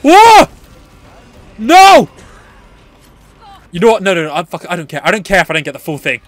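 A man streaming a horror game, reacting loudly, swearing at enemies and chatting to viewers between laughs. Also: fairly high pitch, rapid-fire, no echo. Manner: excitable, yelling and swearing at the game. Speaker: gaming channel host. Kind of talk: let's play commentary.

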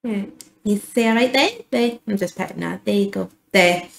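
A woman's voice: mid-range voice, moderate pace, gravelly, echoey room, rough recording. A young woman giving an emotional, gushing reaction to a film trailer, stumbling over her words as a YouTube vlogger. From United Kingdom.

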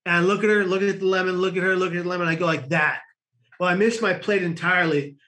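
A man from the United States, a podcast guest, telling a lively anecdote and acting out the people in it. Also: high voice, quick pace. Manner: lively, acts out the people in his story. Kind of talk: animated storytelling.

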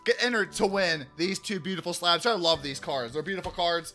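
High-voiced chatty man opening card packs. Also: animated, fairly quick, faint music behind. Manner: chatty, hypes big pulls loudly, self-correcting restarts. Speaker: card-opening channel host. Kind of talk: casual card-opening vlog.

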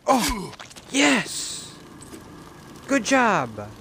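A man streaming a video game on a headset mic, swearing a lot and swinging between yelling and low muttering. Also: huge pitch swings, drawn-out words, vocal fry, noisy background. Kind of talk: live gameplay commentary. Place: warm indoor room at home.

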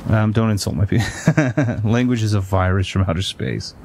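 A man's voice: on the low side, normal speed, a little mellow, slight background noise. A man hosting a casual gameplay chat, rambling off on tangents with lots of ums and uhs. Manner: rambling, goes off on tangents with many fillers. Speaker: let's play host.

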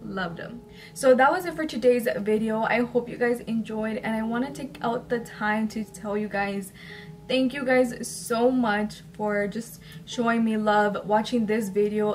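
A woman's voice: a little high, steady tone, a little slow, a little hiss or hum. A woman YouTuber reading viewer-sent paranormal stories aloud, breaking off into emotional, chatty asides with tearful laughter. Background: soft background music.

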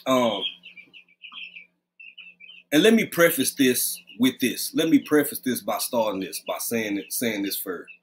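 A man's voice: mid-range voice, animated, measured pace, long pauses, slight background noise. A man hosting a casual live stream, greeting viewers by name in a loose, conversational way, talking close to his webcam at home. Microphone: webcam, leaning close.

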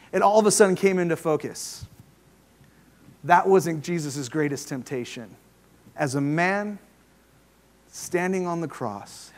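A man preaching a sermon, moving between loud emphasis and hushed, quiet passages as he retells a scripture story. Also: on the high side. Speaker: pastor. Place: church sanctuary.

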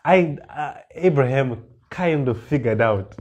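A man preaching a sermon, reading scripture verses slowly and then explaining them with rising emphasis and repeated words. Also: medium pitch, animated, darkish tone.

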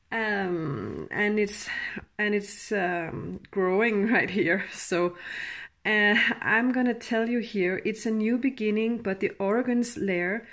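A woman giving a tarot reading in a halting, emotional way, with sighs and soft laughs. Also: mid-range voice. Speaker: tarot reader.

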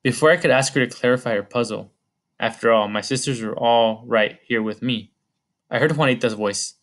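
A man narrating an audiobook chapter in a measured storytelling manner. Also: medium pitch, fairly bright tone. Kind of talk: scripted narration.

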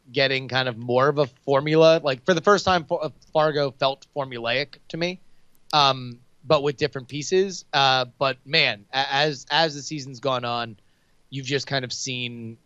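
A man's voice: mid-range voice, a bit bright, smooth, no echo, dull audio. A man co-hosting a podcast, talking casually in a hesitant, thoughtful way. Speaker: podcast co-host. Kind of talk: casual chat.

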